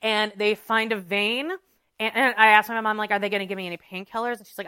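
A woman podcast host telling a story in a casual, animated, dramatic way, full of "like"s. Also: mid-range voice, racing, clear, resonant tone, dry recording, studio quality. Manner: animated, dramatic retelling with many "like"s.

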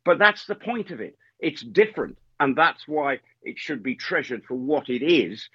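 A man's voice: on the high side, big pitch swings, normal speed, fairly bright tone, breathy edge, no echo, muffled recording. A man giving earnest, emphatic opinions as a horse racing pundit on radio. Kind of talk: radio interview commentary.

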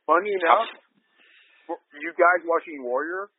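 A man's voice: a little high, moderate pace, breathy edge. A man co-hosting a podcast, chatting casually and emphatically, repeating himself and swearing often. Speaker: podcast co-host. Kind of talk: casual profane chat. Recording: tinny phone-like line with faint noise.

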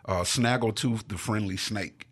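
A man's voice: on the low side, measured pace, fairly bright tone, breathy edge. A man co-hosting a radio show, talking playfully and laughing often. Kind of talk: casual radio chat.

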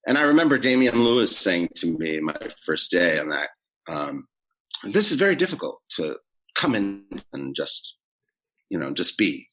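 A middle-aged man, an actor, chatting in an interview in a relaxed, rambling way with many fillers. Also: low-pitched, normal speed. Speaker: actor guest. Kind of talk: casual interview chat.

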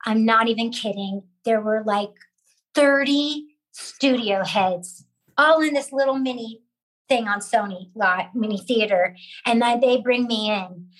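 Woman, animated storyteller, slightly high voice, quotes people in their voices. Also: low-quality recording. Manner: lively, acts out other people's lines. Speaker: actress telling a career story.

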